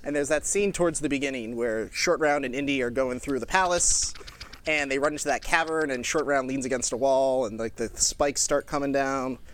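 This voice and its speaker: A man co-hosting a casual podcast, telling a story with lively impressions of the people in it. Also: mid-range voice, fairly quick, a little hiss or hum. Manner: animated storytelling, mimics shouting people. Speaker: podcast co-host. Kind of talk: casual chat.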